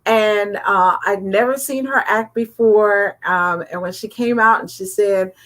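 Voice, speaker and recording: A woman co-hosting a radio talk show, measured and hesitant, with frequent fillers. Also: medium pitch, fairly bright tone. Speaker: co-host. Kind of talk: casual chat.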